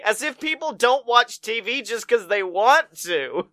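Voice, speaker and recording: This is a man co-hosting a casual movie review podcast, his voice high and ringing. He laughs a lot and acts out the film's lines in silly put-on voices. The sound is dry and close, with no room around it. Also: lively intonation, measured pace, few pauses, sharp tone, no echo. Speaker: podcast co-host.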